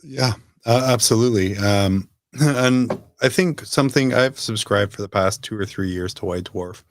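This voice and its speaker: A man's voice: on the low side, moderate pace, no echo, clean studio sound. A man co-hosting a podcast in casual chat, steering the talk with questions. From United Kingdom. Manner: leads the discussion with questions. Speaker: podcast co-host.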